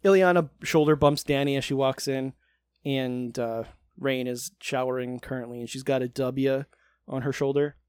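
A man's voice: mid-range voice, steady tone, normal speed, darkish tone, clear, resonant tone, dry recording. A man co-hosting a podcast, recapping a TV show in casual, sarcastic chat and swearing freely.

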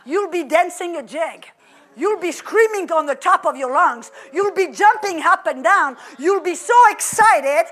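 A woman preacher delivering a lively sermon in a very high voice. She talks in animated bursts, full of exclamations and repeated fillers. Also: a little slow.

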